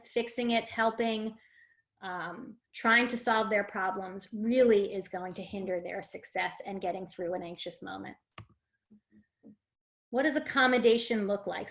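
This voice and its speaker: Woman teaching a parenting webinar, mid pitch, lots of ums, acts out little examples. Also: a bit bright. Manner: explanatory, with fillers and acted-out example phrases. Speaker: parent coach. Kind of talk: webinar presentation.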